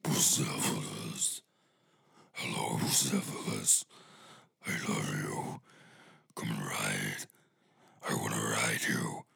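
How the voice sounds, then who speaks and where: A man doing a lovesick ancient king, deep whisper. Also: fairly even intonation, sharp tone, dry recording, clean studio sound, full character voice. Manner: slow breathy whispered murmuring, drawn-out sighs. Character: lovesick Alexander the Great crooning to his horse.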